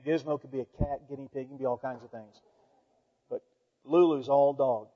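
A man preaching a folksy, animated sermon to his church, swinging between loud declarations and quiet asides. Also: mid-range voice, moderate pace. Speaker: pastor. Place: church sanctuary. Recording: dull sound with long hall reverb.

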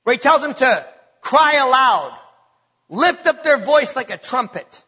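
A man preaches a sermon to a church congregation, animated and quick to joke, often asking the room questions. His voice is very high and bright, with a husky edge. The recording sounds slightly dull. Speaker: pastor. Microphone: stage microphone.

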